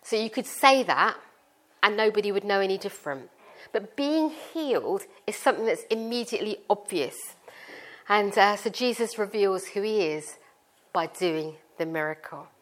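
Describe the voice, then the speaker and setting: A woman's voice: mid-range voice, animated, moderate pace, fairly bright tone. Chatty middle-aged British woman preaching. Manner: chatty, informal, explains with family stories. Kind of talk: conversational sermon.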